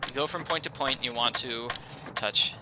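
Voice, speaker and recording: A man's voice: medium pitch, normal speed, background noise. A man giving casual, enthusiastic gameplay commentary as a let's play host, joking and chatty.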